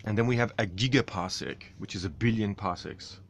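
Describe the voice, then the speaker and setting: A man's voice: fairly low pitch, fairly quick, creaky, slight background noise. A man streaming, talking casually about astronomy while reading chat, with a rambling, chatty manner. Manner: rambling, chatty, laughs often.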